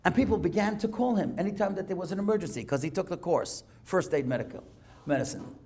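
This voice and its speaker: A man rabbi tells stories in a synagogue talk, his voice pitched high with a gravelly edge. He speaks in an animated way, reads Hebrew texts aloud and translates them as he goes. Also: fast talker. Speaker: rabbi giving a guest lecture. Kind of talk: storytelling sermon. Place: synagogue lecture.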